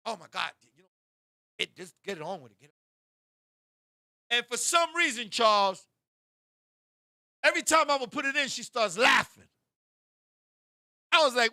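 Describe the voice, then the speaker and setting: A man with a very high, piercing voice tells a bawdy story as a show host. He talks in animated bursts, suddenly shouting and turning to his co-host. The sound is dry and close. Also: moderate pace, pauses often, no room sound. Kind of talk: raunchy comedic storytelling.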